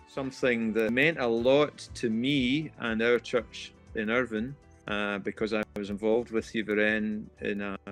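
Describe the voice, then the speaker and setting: A man's voice: mid-range voice, fairly bright tone. Scottish guy hosting a podcast, mid voice, easygoing questions. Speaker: podcast co-host. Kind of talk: conversational podcast interview.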